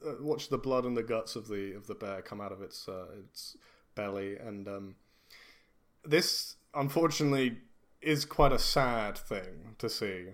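A man runs a tabletop game, narrating slowly with bursts of laughter. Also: on the low side, fairly bright tone. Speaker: game master.

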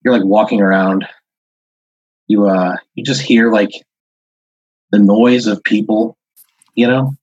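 A man improvising a comic tabletop story as game master, halting and rambling as he narrates. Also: fairly low pitch, steady tone, a little mellow, husky, no room sound. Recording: dull, dry lo-fi audio.

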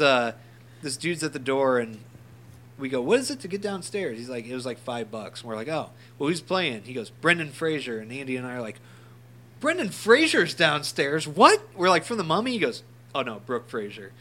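A podcast co-host from the St. Louis area tells a funny story in casual chat, laughing a lot and swearing freely. His medium-pitched voice is expressive, brisk, and bright, with a forceful tone.

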